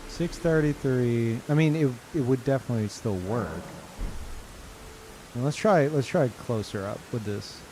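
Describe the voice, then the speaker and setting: A man's voice: medium pitch, measured pace, noisy background. A man streaming a game live, reacting in disbelief, swearing often and laughing a lot. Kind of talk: live gameplay commentary.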